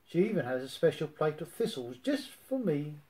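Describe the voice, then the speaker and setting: A man's voice: a little high, sing-song, moderate pace, mellow. A man reading a storybook, voicing a gloomy male donkey. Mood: glum.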